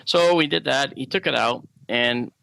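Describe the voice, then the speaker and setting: A man telling a personal story as a radio show guest, animated and acting out the dialogue. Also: medium pitch, normal speed, gravelly, clean tone, no room sound, poor audio.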